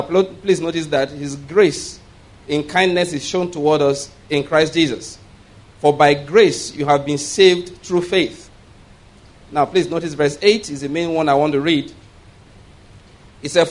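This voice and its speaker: A man preaching a sermon as pastor. He reads scripture aloud, explains it line by line, and has the congregation repeat words back. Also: a little high. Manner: leads the congregation in call-and-response; asks "all right?" as a check-in.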